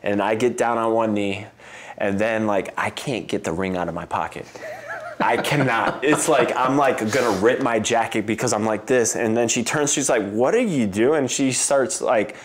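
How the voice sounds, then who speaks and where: Interview guest, male, 30s, lower pitch, rambling casual storyteller who laughs easily. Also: normal speed, slight background noise. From United States. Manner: rambling, heavy use of "like" and "um", laughs often, mimics voices in quotes. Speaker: interview guest, Olympic swimmer.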